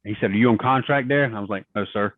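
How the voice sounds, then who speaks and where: A man's voice: fairly low pitch, rapid-fire, no room sound. A man, a guest on a podcast, telling long stories in a casual interview and acting out the voices of the people he quotes. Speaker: guest, retired wrestler. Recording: tinny phone-like line, dry.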